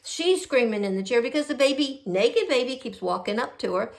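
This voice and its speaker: A middle-aged woman tells home stories in a casual vlog, her voice sitting high. She jumps into lively quoted voices as she goes, animated and chatty. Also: a little fast, creaky. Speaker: host. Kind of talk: casual storytelling.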